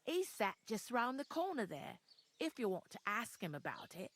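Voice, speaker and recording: A woman's voice: fairly high pitch, sing-song, normal speed. A brusque village tavern woman with a Yorkshire accent. She talks in a blunt, folksy, gossipy way, and a faint noise sits under her voice. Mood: matter-of-fact. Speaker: tavern keeper.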